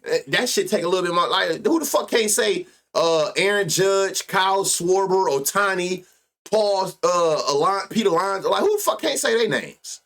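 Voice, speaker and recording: A man's voice: high voice, expressive, normal speed, a bit bright. A man hosting a live sports betting stream, reading stats and riffing loosely with plenty of profanity. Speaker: sports betting show host.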